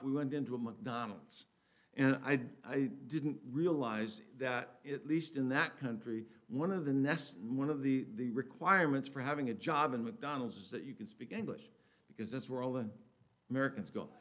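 A man preaching a sermon in a conversational way, restarting his sentences often and getting louder and higher when he reads scripture aloud. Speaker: pastor.

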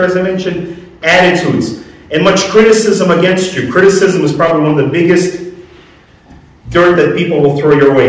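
A man preaching a sermon to a congregation in a conversational way, asking them questions as he goes. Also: fairly high pitch. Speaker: pastor. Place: church hall. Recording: echoey room, mic at a distance.

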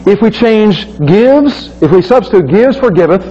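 A man's voice: sits high, expressive, moderate pace, mellow, a little hiss or hum. A man giving a lecture, explaining step by step and often asking his listeners whether they follow. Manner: explains step by step, asks the audience questions; clears his throat. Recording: dull lo-fi recording.

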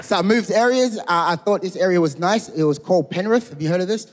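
A man doing a stand-up routine, telling it conversationally and slipping into other people's voices. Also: sits high. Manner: conversational, imitates others in quick asides. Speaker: stand-up comedian. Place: stage in a large hall. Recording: reverberant hall with background noise.

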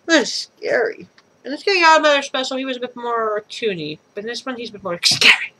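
Woman reading a kids' story out loud, lively voice, chatty. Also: on the high side, quick pace, background noise. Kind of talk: reading a children's story aloud.

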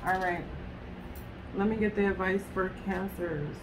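A woman's voice: mid-range voice, measured pace, background noise. Chatty woman doing a tarot reading. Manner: chatty, talks straight to viewers, swears casually. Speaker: tarot reader. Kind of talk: casual tarot card reading to camera.

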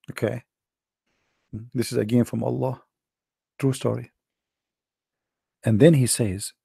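A man giving a sarcastic, scoffing monologue, slowing right down whenever he reads a quote aloud. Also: mid-range voice, creaky, mellow, husky, no echo, studio quality. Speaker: online commentator. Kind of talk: mocking monologue commentary.

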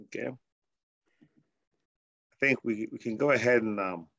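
A man's voice: medium pitch, unhurried, fairly bright tone, no room sound, dull audio. A man moderating an online session, calling on people and winding the Q&A down. His voice sits mid-range and sounds dry and close, and his delivery is hesitant with many fillers. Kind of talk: wrapping up a Q&A.

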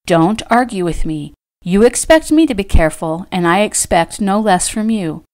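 A woman doing a deep-voiced, firm rancher man. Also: lively intonation, moderate pace, a little mellow, natural voice. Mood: insistent. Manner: low, firm, commanding. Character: protective rich rancher man, hooded, firm.

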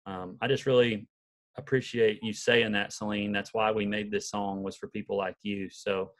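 Earnest low-voiced man with twang. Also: little pitch movement, moderate pace, a bit bright. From Southern Illinois, USA. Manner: earnest, folksy, rambling storyteller. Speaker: country singer guest. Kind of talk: casual podcast interview.

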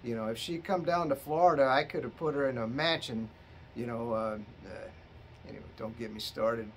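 A man's voice: mid-range voice, moderate pace, a little hiss or hum. A middle-aged man, a bit tipsy from drinking, telling a rambling, profane story to his viewers. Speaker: vlogger. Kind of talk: rambling casual monologue.

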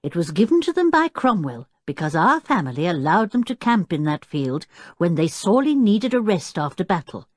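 A woman voicing an older male professor who explains things in a measured, scholarly way in an audiobook. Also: fairly low pitch, very animated, dry recording, studio quality, pitched above the performer's own voice. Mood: explanatory.

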